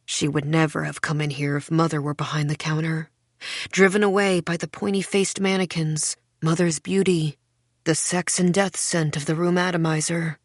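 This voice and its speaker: A woman narrating a first-person thriller audiobook in a wry, dark, measured way. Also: low voice, fairly even intonation, dry recording, studio quality.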